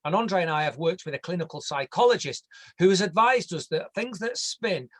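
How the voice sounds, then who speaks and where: An English man walks viewers through a landscape design in an online presentation. His voice sits somewhat high for a man. He keeps it casual and jokey, and now and then trips over a word. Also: lively intonation, fairly quick. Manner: jokey, conversational, stumbles over words.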